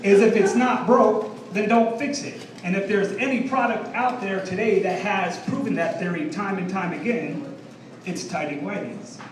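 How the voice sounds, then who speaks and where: A man's voice: high-pitched, normal speed. A man in his thirties doing a brash stand-up set, teasing the crowd and drawing out his punchlines. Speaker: stand-up comedian. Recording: echoey room from far off, faint ambience.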